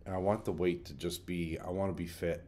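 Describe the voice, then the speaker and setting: A man with a very low voice talks through his daily vlog in an easygoing, rambling way, often restarting his sentences. He stays upbeat throughout. A faint hum of passing cars sits behind him. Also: steady tone, brisk, darkish tone. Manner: rambling, self-correcting, upbeat. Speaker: daily vlogger. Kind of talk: casual self-recorded vlog. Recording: faint outdoor traffic hum.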